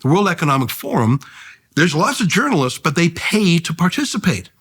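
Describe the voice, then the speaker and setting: A man speaks as a guest in a conversational interview, with a husky, slightly breathy voice. His pitch swings widely as he makes his points. He delivers them in a quick, wry way with deadpan jokes. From Canada.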